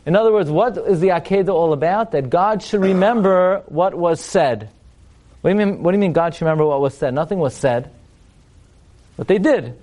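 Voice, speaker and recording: Torah teacher, male, fairly high voice, chants verses then quips, live class. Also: a little mellow. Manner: rhetorical questions, wry humorous asides. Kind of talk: lecture to a live audience.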